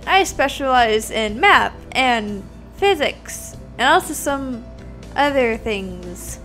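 A woman's voice: fairly high pitch, lively intonation, a bit bright, faint music behind. Woman reading a drowsy old quail teacher. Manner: slow, drowsy. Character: sleepy, absent-minded male quail teacher.

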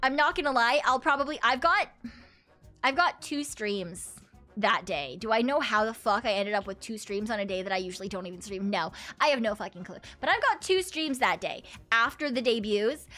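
A woman VTuber streamer chatting casually and excitedly with her viewers, swearing freely and laughing often. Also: a little high. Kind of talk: casual livestream chat with viewers.

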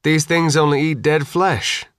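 A man voicing a calm, grim female petty officer who speaks low and matter-of-fact. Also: a little slow, smooth, no echo, clean studio sound.

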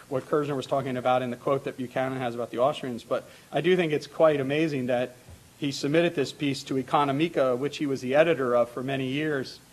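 A man's voice: mid-range voice, slight background noise. A middle-aged man introducing a panel in a lecture hall, talking informally with many fillers, restarts and asides. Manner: informal asides with light laughter.

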